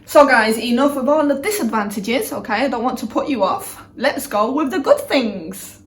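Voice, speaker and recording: A young woman with a Manchester accent, an English and Spanish teacher, talking casually to camera in a chatty, animated vlog style. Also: on the high side. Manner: chatty and animated, quick asides.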